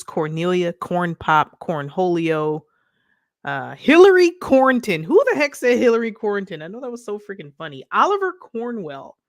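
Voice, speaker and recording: A woman with a fairly low voice that jumps all over the place hosts a relaxed livestream. She reads viewer comments aloud with playful energy and laughs often. The sound is dry and close, with no room echo. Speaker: livestream host. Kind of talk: casual livestream chat, reading viewer comments.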